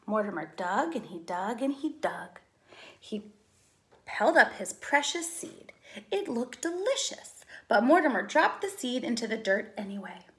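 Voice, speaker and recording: A woman, a preschool teacher, reading a picture book aloud with expressive, sing-song storytelling. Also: on the high side, unhurried.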